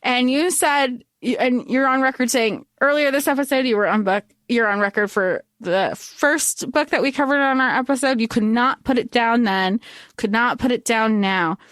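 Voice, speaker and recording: A woman with a fairly high voice talks at a normal speed in a clean, echo-free studio recording. Co-hosting a podcast, she recaps a fantasy novel in casual chat, animatedly acting out the characters' lines and swearing along the way.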